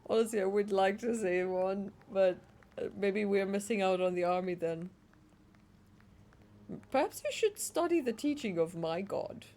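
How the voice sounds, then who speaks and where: A woman's voice: mid-range voice, expressive, normal speed, dark tone. A young adult woman streaming a video game, chatting casually, exclaiming and reading her dialogue choices aloud. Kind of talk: casual gaming chat.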